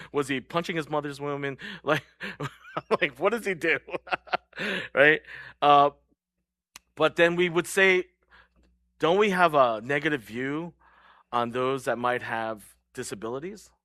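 A man's voice: fairly high pitch, slow pace, long pauses, sharp tone, no echo. A young adult man preaching a sermon in a casual, joking way, laughing often. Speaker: pastor.

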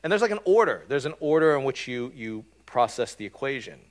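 A man delivers a sermon in an easy, conversational manner, his voice sitting at an ordinary middle pitch. He speaks like he is explaining ideas across a table, often checking in with a quick "right?" and pausing on "um". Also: very animated. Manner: conversational, frequent "right?" and "um" fillers. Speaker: pastor.

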